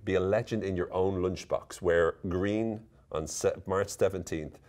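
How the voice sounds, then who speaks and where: A man with an Irish accent and a notably low voice talks straight to camera in a relaxed, playful explainer. He slips into short acted exchanges to show how people speak. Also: a little slow, hardly any pauses. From Ireland. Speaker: vlogger.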